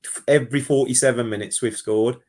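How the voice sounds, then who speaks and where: A man calling in to a football phone-in, talking in an animated, rambling way and often restarting his sentences. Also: medium pitch, a little fast. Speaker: caller. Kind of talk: casual football phone-in chat.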